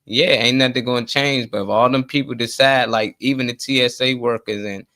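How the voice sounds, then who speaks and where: A man hosting a casual call-in chat, talking in a relaxed, slangy way and trailing off as he goes. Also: medium pitch, a little fast, no echo. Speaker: host.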